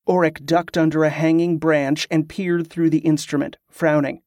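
A male narrator reads a fantasy novel in a steady, even voice, pitched a little high for a man. The recording is dry and close, with no room sound at all. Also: normal speed, hardly any pauses, no room sound. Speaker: audiobook narrator.

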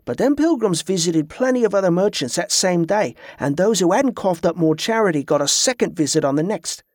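A man's voice: sits high, animated, a little fast, no echo, studio quality. A man voicing a cheerful, jovial local townsman in a fantasy audiobook. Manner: jovial, folksy dialect.

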